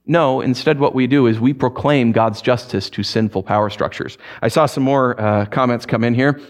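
In a conversational livestreamed sermon, a male pastor keeps his intonation fairly even and talks at normal speed. He frequently starts phrases over and shifts from emphatic highs to quiet, low emphasis.

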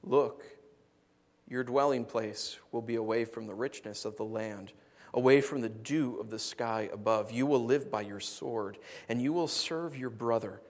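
A man reading scripture aloud, voicing an old blind father who gives a grave pronouncement in a low, quiet tone. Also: a little slow, big-room sound. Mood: solemn.

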